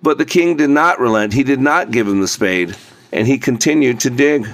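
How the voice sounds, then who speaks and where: A man narrating a folk tale aloud in a measured, steady reading voice, slowing down in places. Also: medium pitch, dry recording. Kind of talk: scripted storybook narration.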